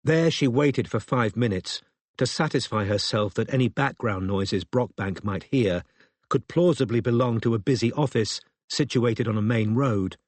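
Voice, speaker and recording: Man, audiobook narrator, mid pitch, steady measured delivery, dry close sound. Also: no room sound.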